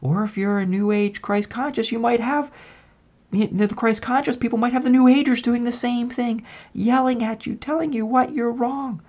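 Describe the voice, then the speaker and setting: A woman's voice: on the high side, moderate pace, darkish tone, highs cut off. A woman giving a casual spiritual tarot reading, chatty and often checking in with the listener. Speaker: tarot reader.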